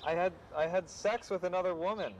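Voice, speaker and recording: A young man, a film student, talking in halting, flustered bursts in an improvised mockumentary scene. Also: sits high, background noise. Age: young adult. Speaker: film student filming his own life.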